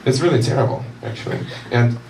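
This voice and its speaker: A man's voice: medium pitch, huge pitch swings, fast talker, vocal fry. Young man, stand-up comic, rambling self-deprecating story, echoey room, heard from a distance. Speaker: stand-up comedian. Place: university event room with audience. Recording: roomy echo, distant mic, audience noise.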